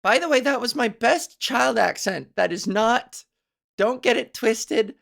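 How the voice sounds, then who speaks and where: A woman's voice: on the high side, lively intonation, a little slow, vocal fry, fairly bright tone. A woman comedian hosting a solo podcast, rambling and self-mocking, with lots of fillers.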